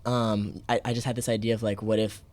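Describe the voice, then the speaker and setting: A man's voice: fairly low pitch, little pitch movement, a little fast, a little mellow, dry recording. A man co-hosting a podcast in casual chat, hesitant, repeating words and laughing easily. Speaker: podcast co-host.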